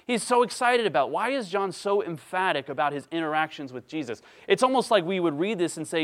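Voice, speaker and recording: A pastor delivering a sermon in a fairly high-pitched voice. He preaches emphatically, building to excited peaks before falling back to a hushed, earnest tone. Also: a little fast, few pauses. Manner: emphatic, rising to excited peaks then dropping quiet.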